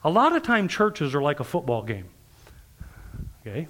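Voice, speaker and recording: A man's voice: a little high, moderate pace. A man preaching a sermon, telling stories and acting out the people in them, often laughing as he talks. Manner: animated, acts out quoted people, laughs while preaching. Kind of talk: sermon storytelling.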